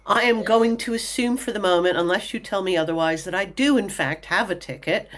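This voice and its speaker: A woman's voice: mid-range voice, fairly quick, slight background noise. A woman playing a tabletop game, speaking hesitantly and correcting herself. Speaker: player. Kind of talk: tabletop role-play.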